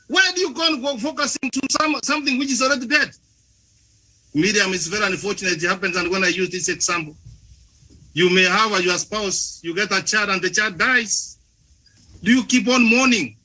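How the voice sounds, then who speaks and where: A man with an African English accent delivers a fervent speech on a discussion panel. His voice sits high and sounds piercingly bright and sharp. He presses each point hard, restarting phrases as he goes. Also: rough recording. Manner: emphatic, repeatedly addresses the moderator by name; restarts and stumbles over words. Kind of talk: impassioned forum speech.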